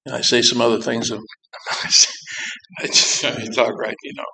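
A man who volunteers in prison ministry, speaking informally to a church group in a halting, plainspoken way, with many asides. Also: mid-range voice, animated, creaky, bright, forceful tone, poor audio. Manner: rambling, plainspoken, full of asides; halting, with frequent pauses. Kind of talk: informal church talk to a congregation.

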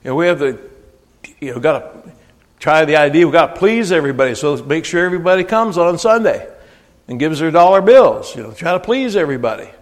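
A male preacher giving a folksy, emphatic sermon, often rising to near-shouting when he quotes scripture. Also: a little high, lively intonation, fast. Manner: folksy, with frequent restarts and asides. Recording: long hall reverb.

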